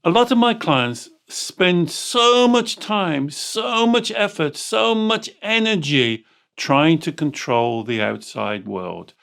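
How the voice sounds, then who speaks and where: A man hosting a life-coaching conversation, his voice carrying a gravelly rasp. He explains patiently and animates quoted inner thoughts as he goes. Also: on the high side, expressive, takes it slowly, fairly bright tone. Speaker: life coach and podcast host.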